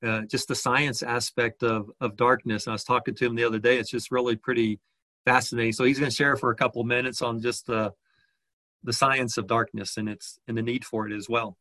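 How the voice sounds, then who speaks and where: A man preaching a sermon, speaking haltingly with many fillers and restarts. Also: medium pitch, flat delivery, sharp tone, no room sound. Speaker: pastor.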